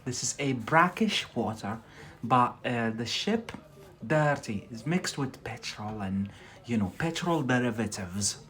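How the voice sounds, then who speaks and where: A man from Scotland with a Scottish accent, teaching English on a live stream, slow and explanatory, often adding "yeah?" to check his viewers follow. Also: medium pitch, animated, fairly bright tone.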